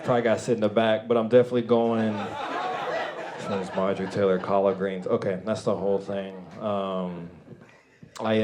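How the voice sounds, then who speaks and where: A man performing a stand-up comedy set, loud and animated, often laughing at his own jokes. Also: medium pitch, background noise. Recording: live club with crowd laughter. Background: audience laughing and clapping.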